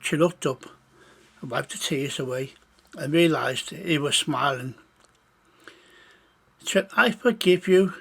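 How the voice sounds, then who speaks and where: A man's voice: mid-range voice, a bit bright. A man telling an improvised children's story in a meandering way. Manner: gravelly, slow and meandering.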